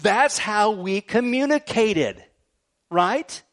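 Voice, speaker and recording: A middle-aged man preaching with a high, bouncy voice that swings freely up and down. He keeps it light and joking, tossing "right?" to his listeners between points. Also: slow pace. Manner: animated, jokey preaching with frequent "right?" asides. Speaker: pastor. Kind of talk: sermon.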